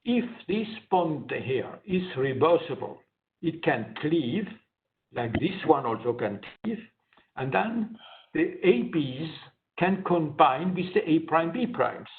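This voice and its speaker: A man's voice: fairly high pitch, very animated, takes it slowly, a little hiss or hum. A man giving an academic science lecture, explaining his slides step by step. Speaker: guest lecturer. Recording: tinny phone-like online lecture audio.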